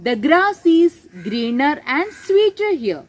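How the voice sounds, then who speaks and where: A sly, hungry storybook wolf, put on by a woman sweet-talks his prey. His voice sits high and swings up and down, and he keeps a coaxing tone. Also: very animated, measured pace, no room sound.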